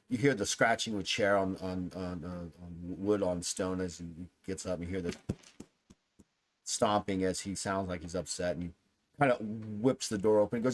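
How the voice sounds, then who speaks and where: A man's voice: deep voice, moderate pace. A man narrating as game master of a tabletop game, in a casual, rambling way.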